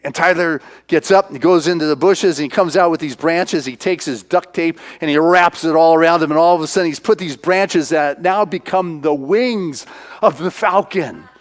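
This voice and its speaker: Male minister, animated storyteller, acts out scenes, slightly high voice. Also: normal speed. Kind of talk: sermon retelling a film.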